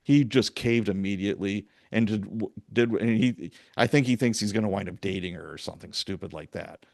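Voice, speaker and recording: A man's voice: on the low side, fairly quick, creaky, no room sound, clean studio sound. A middle-aged man, a former police sergeant, telling a story in a casual interview and acting out the quoted lines. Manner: animated storyteller, acts out quoted dialogue. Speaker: podcast host, retired police sergeant.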